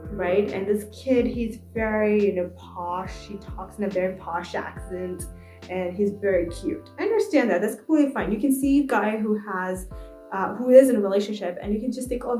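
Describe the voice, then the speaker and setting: A woman's voice: mid-range voice, moderate pace. Exasperated young woman ranting about books. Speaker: book vlogger. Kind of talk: casual book review vlog. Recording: echoey room with soft music behind.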